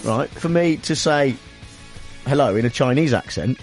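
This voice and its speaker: A man's voice: mid-range voice, lively intonation, moderate pace, soft background music. A man hosting an afternoon talk radio show, rambling through sardonic banter. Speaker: radio host. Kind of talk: comic radio show opening.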